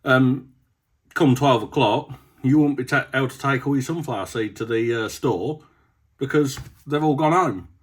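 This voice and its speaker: A man's voice: mid-range voice, normal speed, slightly rough. A young adult man, chatting casually as a farming vlogger and rambling through stories with lots of ums. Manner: rambling, with many ums and a storytelling drift. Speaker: farmer vlogger. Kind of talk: casual vlog chat.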